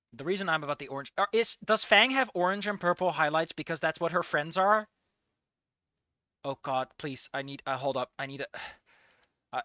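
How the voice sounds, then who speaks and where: A young man streaming a game and ranting, excitable and swearing, jumping from loud outbursts to low muttering. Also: fairly quick, no room sound. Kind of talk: live reaction commentary.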